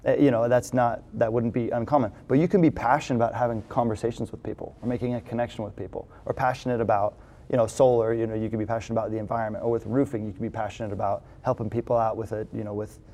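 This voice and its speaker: Relaxed man with a mellow voice. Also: medium pitch, very fast. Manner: relaxed, rambling, many "you know" fillers. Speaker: podcast host. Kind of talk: casual interview chat.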